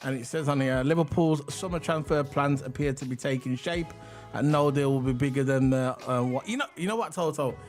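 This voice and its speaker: A man's voice: medium pitch, fairly quick, a little mellow, faint music behind. A man co-hosting a casual livestream, chatty and rambling, hyping the chat and reading transfer news. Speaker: livestream co-host.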